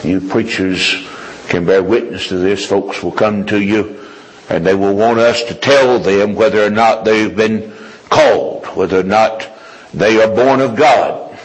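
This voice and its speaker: A man preaching a sermon with an emphatic, repetitive cadence, moving from low confiding tones to high ringing declarations. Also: rough recording.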